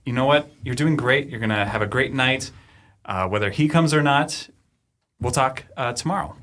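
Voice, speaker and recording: A man's voice: mid-range voice, moderate pace, fairly bright tone. A man playing a tabletop game, speaking in character in an affable, rambling way with lots of fillers. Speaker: player.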